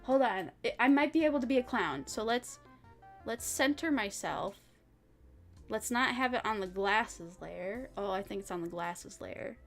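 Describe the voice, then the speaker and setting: A woman's voice: mid-range voice, lively intonation, unhurried, soft background music. A young woman chatting casually on a live stream, bubbly and rambling, reading chat and giggling between thoughts. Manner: bubbly, rambling, giggly, swings loud and soft. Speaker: VTuber streamer.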